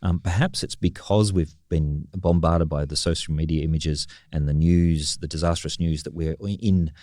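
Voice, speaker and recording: A man with a very low voice talks through ideas on a podcast, thoughtful and reflective. He often restarts his sentences as he thinks. The sound is close and dry. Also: steady tone, moderate pace, a little mellow, dry recording. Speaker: podcast co-host. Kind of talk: casual discussion.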